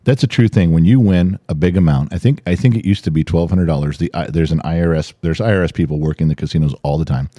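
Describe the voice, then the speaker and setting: A man's voice: deep voice, quick pace, few pauses, warm tone, no echo. A middle-aged man co-hosting a podcast, chatting casually and explaining things with little asides. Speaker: podcast co-host.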